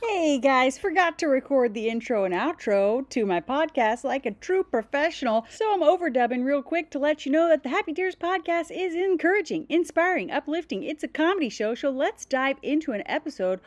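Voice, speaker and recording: A woman podcast host recording a quick overdubbed intro, breezy and self-mocking. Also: high voice, animated, no room sound.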